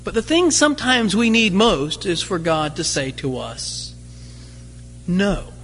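A man's voice: high-pitched, very animated, a little slow, fairly bright tone, slightly rough, soft background music. A man preaching a sermon as pastor, conversational, full of rhetorical questions and light humorous asides. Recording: long hall reverb.

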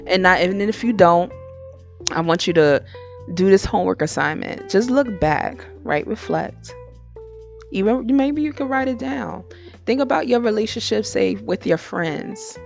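A woman's voice: medium pitch, unhurried, creaky, soft background music. A woman hosting her own podcast, giving frank, slangy advice in a casual monologue. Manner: frank, slangy and animated, switching into impressions. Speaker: podcast host.

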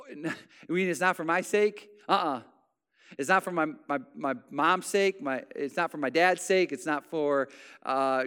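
Impassioned preacher man, smooth voice. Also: medium pitch. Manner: impassioned preaching, swinging from loud exclamation to hushed softness. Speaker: pastor. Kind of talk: sermon.

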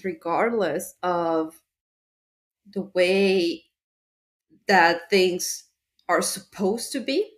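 Woman podcaster, slow unhurried talk, earnest and excited, lots of ums. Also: medium pitch. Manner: earnest, enthusiastic, with fillers and laughs. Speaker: podcast host. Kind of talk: casual motivational talk.

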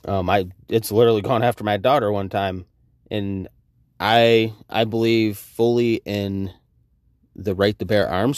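A man in his thirties, hosting a podcast and telling a story in a casual, profane, animated way, acting out the quoted exchanges. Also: on the low side, dry recording, studio quality. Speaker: podcast host.

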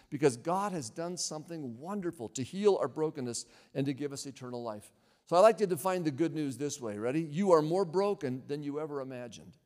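A man's voice: a little high, a little mellow, long reverb tail. An older man, a pastor, preaching a sermon in a conversational way, often asking the audience questions.

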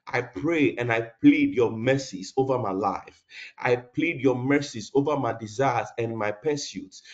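Man, pastor leading prayer, fervent, halting "uh"s, prays in tongues, muffled lo-fi audio. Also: medium pitch, a little mellow. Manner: fervent prayer with frequent "uh" and "oh God", breaks into tongues. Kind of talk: devotional prayer session. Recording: dull lo-fi broadcast audio.

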